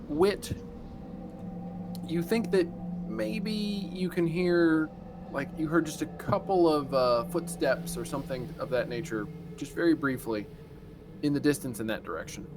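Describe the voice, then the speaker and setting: Joking game master, slightly high voice. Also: male voice, a little slow, over music. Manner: relaxed, joking, filler-heavy narration. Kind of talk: narrating a tabletop game.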